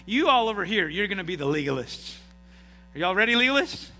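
A bright, high-voiced man preaches a sermon to his congregation, pulling them into call-and-response and swinging between loud bursts and hushed lines. His voice rings in a reverberant church hall with a faint hum underneath. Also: sing-song, a little fast. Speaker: pastor.

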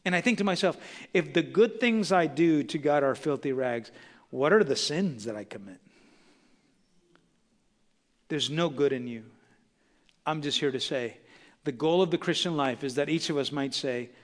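A man's voice: a little high, animated, moderate pace, long pauses, in a large hall. A man preaching a sermon as pastor to his congregation, building intensity and acting out quotes. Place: church sanctuary.

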